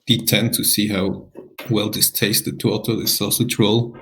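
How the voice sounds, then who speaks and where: A man's voice: fairly low pitch, little pitch movement, normal speed, few pauses, fairly bright tone, rough recording. A man playing a tabletop game, easygoing and hesitant. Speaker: player.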